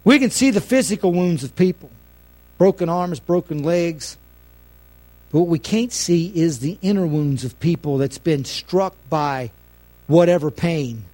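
A middle-aged man pastor preaching a folksy sermon, swinging between loud lines and hushed asides. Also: fairly high pitch, unhurried.

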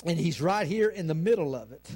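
A male pastor preaching a sermon, building to shouted climaxes and punctuating lines with amens. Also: on the high side, lively intonation, brisk, breathy edge.

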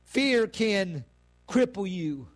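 A male preacher delivering a sermon, building to fervent shouts and peppering his words with "amen.". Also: high-pitched, big pitch swings, extremely slow.

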